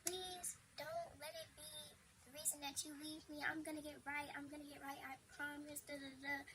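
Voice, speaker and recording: A desperate, clingy young girlfriend, as a woman puts her on, pleads in a soft, high voice that barely moves in pitch. She repeats her promises over and over. The home video audio carries a steady hiss behind her. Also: moderate pace, natural voice. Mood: pleading. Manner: soft, begging, repetitive promises.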